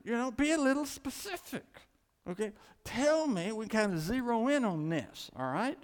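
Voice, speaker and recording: A man preaching a sermon as pastor, animated, swinging from loud cries to quiet asides. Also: very high-pitched, moderate pace. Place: church. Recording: long hall reverb.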